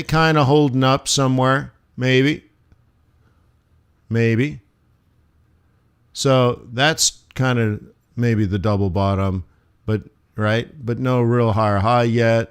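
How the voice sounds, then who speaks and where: Man, forex instructor, live trading stream, thinks aloud, playful asides, unhurried delivery. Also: medium pitch, clear, resonant tone.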